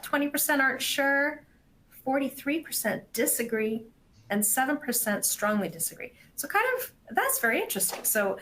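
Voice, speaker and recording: A woman's voice: on the high side, fairly bright tone, slight background noise, rough recording. A woman hosting a business webinar, reading poll questions and a guest introduction in a chatty, upbeat way. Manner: chatty, upbeat, reads polling questions aloud. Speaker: webinar host.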